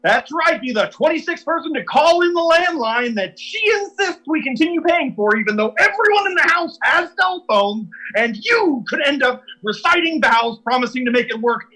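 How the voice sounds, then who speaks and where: A man playing a bitter, divorcing radio DJ who shouts a spiteful call-in contest announcement in a high, loud voice. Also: animated, moderate pace, hardly any pauses, exaggerated voice, low-quality recording. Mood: bitter, shouting.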